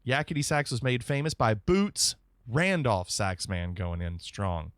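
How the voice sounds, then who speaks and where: A man's voice: mid-range voice, lively intonation, unhurried, fairly bright tone, dry recording, clean studio sound. A man streamer chatting casually and reacting to viewer alerts on a live stream.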